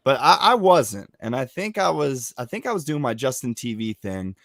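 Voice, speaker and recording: A man hosting a podcast, telling stories in animated casual chat and swearing often. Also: mid-range voice, moderate pace, no room sound, clean studio sound. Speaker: podcast host.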